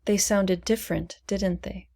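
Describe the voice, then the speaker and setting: A woman teaching English pronunciation, saying single words slowly and clearly for learners to repeat. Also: mid-range voice, fairly even intonation, dark tone. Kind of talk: slow, deliberate pronunciation lesson.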